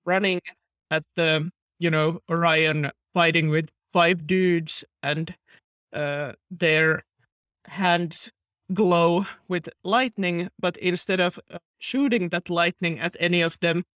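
Casting: slow, slightly high-voiced male player, playful and hesitant. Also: fairly even intonation, a bit bright, smooth, no echo, clean studio sound. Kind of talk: casual tabletop play.

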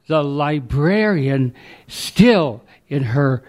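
Poet from New Mexico, man, unhurried theatrical delivery, high pitch. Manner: unhurried, expressive, with theatrical voice changes. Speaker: poet reading at a chapter meeting. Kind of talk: poetry reading with dramatic storytelling.

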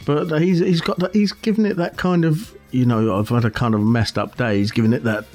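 A man's voice: medium pitch, steady tone, brisk, darkish tone, faint music behind. A man co-hosting a casual podcast chat, laughing often and explaining his points with examples. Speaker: podcast co-host.

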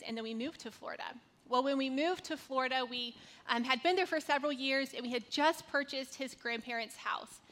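A woman in her thirties from North Carolina gives a conversational devotional talk, sharing a personal story full of casual fillers. Her voice is high, bright, and forceful.

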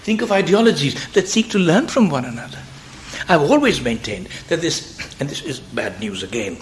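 Older man, slightly high voice, giving a meandering spiritual talk with stumbles and whispers, recorded in a reverberant hall. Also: very animated, slight background noise. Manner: halting, repeats words, drops to near whispers. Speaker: speaker. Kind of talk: reflective spiritual lecture. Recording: roomy hall sound.

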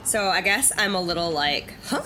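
A woman's voice: sits low, lively intonation, normal speed, background noise. A woman playing a tabletop game, chatty and full of "like". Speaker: player. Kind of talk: casual tabletop play.

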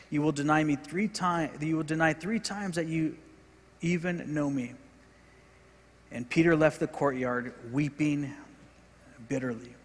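Earnest preacher man in a reverberant hall. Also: on the high side. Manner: earnest preaching, rising in intensity and dropping to soft, repeated words. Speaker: pastor. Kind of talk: sermon. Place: church sanctuary.

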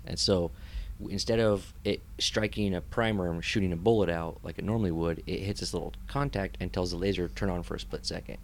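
Young adult male co-host, low-pitched, lively and jokey, faint ambience. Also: a little fast, a little hiss or hum. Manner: animated, joking storyteller with frequent laughs. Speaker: podcast co-host. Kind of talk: casual chat.

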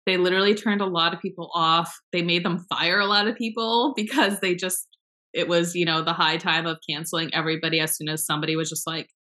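A woman's voice: lowish voice, fairly even intonation, fast, sharp tone. A young woman co-hosting a casual chat, talking frankly and rambling, with plenty of swearing.

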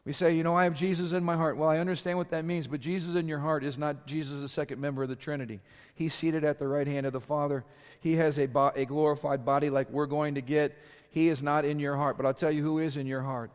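A male pastor preaches to his congregation, his voice sitting a little high for a man. He throws out rhetorical questions and pushes his volume up as he drives each point home. The sound carries the long reverb of a big hall. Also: steady tone, fairly quick, darkish tone. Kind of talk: sermon.

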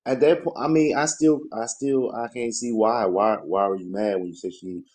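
Low husky man teasing his co-host. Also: steady tone, normal speed, darkish tone. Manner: teasing, repeats points insistently. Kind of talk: casual podcast banter.

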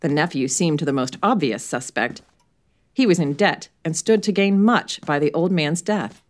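Low-voiced woman reading a mystery aloud. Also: lively intonation, normal speed. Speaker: narrator. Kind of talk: storybook reading.

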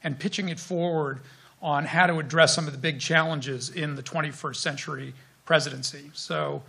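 A middle-aged man hosts a seminar in a bright, forceful voice pitched a little high. He speaks in a measured way, with some fillers as he introduces the next part. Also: steady tone, gravelly, slightly rough. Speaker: host and center director. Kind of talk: seminar presentation.

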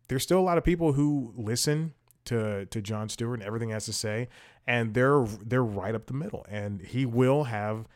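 A man's voice: medium pitch, normal speed. A man hosting a podcast, chatting casually with lots of fillers, restarts and tangents as he thinks aloud. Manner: rambling, many fillers and restarts; opinionated, thinks aloud while scrolling. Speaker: podcast host. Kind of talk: casual commentary.

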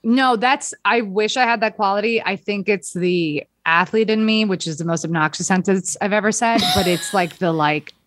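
Young comedian woman, animated storytelling, acts out quotes, dry studio mic. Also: mid-range voice, moderate pace, hardly any pauses, dry recording. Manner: animated storyteller, lively put-on voices in quotes. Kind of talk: casual chat.

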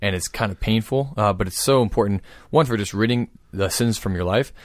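A man calmly explaining a prayer practice in casual conversation. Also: on the low side, fairly quick, no echo, clean studio sound. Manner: thoughtful, explanatory, steady.

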